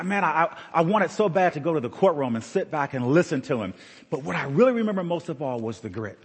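A middle-aged American man preaching a sermon to his congregation, telling stories in an animated way with sudden bursts of excitement. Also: husky, big-room sound. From United States. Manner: animated storytelling with shifting pitch and bursts of excitement. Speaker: pastor.

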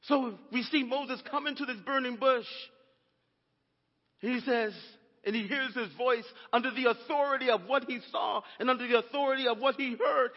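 A pastor preaches a sermon and calls out to his congregation for answers. His voice sits high for a man. The recording is dull and muffled, with a long church echo behind him. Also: fairly even intonation, moderate pace. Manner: preaching with call-and-response asides to the congregation. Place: church sanctuary.

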